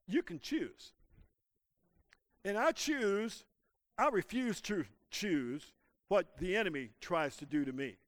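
A man's voice: high voice, lively intonation, takes it slowly, pauses often, no room sound. A man preaching a sermon as pastor, calling out to the congregation and asking them to repeat after him. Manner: preaching with call-and-response to the congregation. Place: church.

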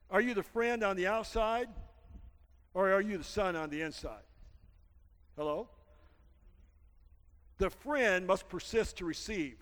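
A man preaching a sermon as pastor, telling a story and rising to shouted peaks. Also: high voice. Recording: church hall reverb.

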